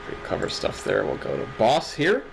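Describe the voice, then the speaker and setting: On a livestreamed awards show, a male co-host chats casually, cracking sarcastic jokes and swearing. His gravelly voice sits on the low side and swoops wildly in pitch at a normal speed, captured in a low-quality recording with slight background noise.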